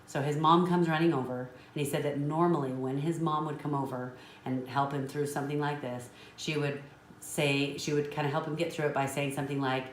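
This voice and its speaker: A woman's voice: low-pitched, fairly even intonation, brisk. A woman business trainer telling a motivational story in an earnest, emotional way. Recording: roomy with faint noise.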